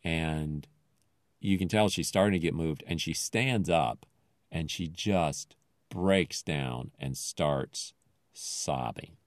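A man's voice: very deep voice, slow pace, dry recording, studio quality. A man casually retelling a television episode in a rambling, thoughtful way with many fillers.

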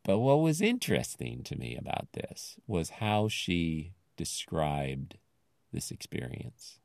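Very deep-voiced man, rambling. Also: big pitch swings, slow, gravelly, a little mellow, dry recording, clean studio sound. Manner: rambling, thoughtful, many fillers. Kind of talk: casual retelling of a TV episode.

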